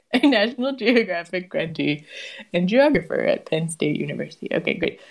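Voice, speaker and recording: A woman's voice: lowish voice, very animated, moderate pace, creaky. A woman co-hosting a podcast, chatting casually, rambling, swearing and laughing often. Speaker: podcast co-host. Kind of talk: casual chat.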